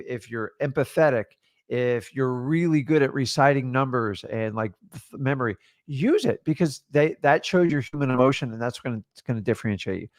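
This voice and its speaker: A man's voice: mid-range voice, no room sound, clean studio sound. A man co-hosting a real estate training, speaking in an emphatic, motivational style with short punchy lines and rhetorical questions. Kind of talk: motivational coaching talk.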